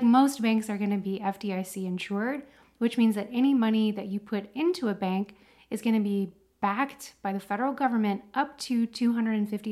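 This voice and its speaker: Chatty woman podcast co-host. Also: medium pitch. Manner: chatty, animated, many fillers. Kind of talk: casual chat.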